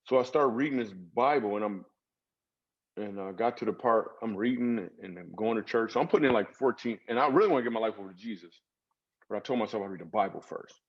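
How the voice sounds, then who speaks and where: Comedian guest, male, low voice, lo-fi dull sound; loose, comic storytelling. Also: fast, breathy edge. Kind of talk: storytelling interview talk.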